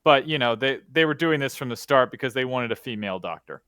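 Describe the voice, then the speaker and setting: A man's voice: mid-range voice, animated, fast talker, fairly bright tone, smooth, no room sound. A man in a casual fan discussion, talking bluntly and opinionatedly. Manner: opinionated, blunt, laughs at his own stories.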